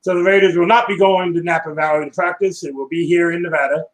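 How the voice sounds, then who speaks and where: A man's voice: a little high, fairly even intonation, fast, low-quality recording. A man in his late thirties co-hosting a sports show, dry, sarcastic and profane. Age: 30s. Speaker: co-host. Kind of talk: casual sports podcast banter. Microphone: remote call.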